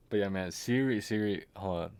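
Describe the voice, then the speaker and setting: A man's voice: lowish voice, darkish tone. A man streaming a game, chatting casually and often trailing off into muttered asides and chuckles. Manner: rambling, trailing off and muttering to himself. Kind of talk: casual live-stream commentary.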